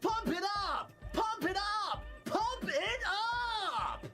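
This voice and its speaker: A voice actor playing an excitable, shouty young male raver DJ in a video game. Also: very high voice, slow pace, over loud music, heavily acted. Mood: hyped.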